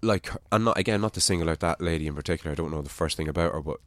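Irish male host, low voice, dry close sound, chatty and probing. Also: rapid-fire, no room sound. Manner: probing, chatty, swears casually. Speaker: podcast host. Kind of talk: casual podcast conversation.

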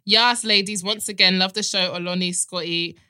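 A woman's voice: mid-range voice, fairly even intonation, normal speed, clear, resonant tone, no echo, clean studio sound. A woman hosting a podcast, chatting casually, teasing her co-hosts and often breaking into giggles. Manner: giggly, teasing, loud bursts. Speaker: podcast host. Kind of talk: casual chat. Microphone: studio mic.

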